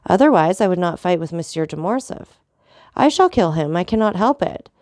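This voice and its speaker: A woman reading the part of a cold, proud nobleman, in a calm, measured and ironic manner. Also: lowish voice, dry recording, studio quality, lightly acted. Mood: cool, disdainful. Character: cold, proud, unshakable male count.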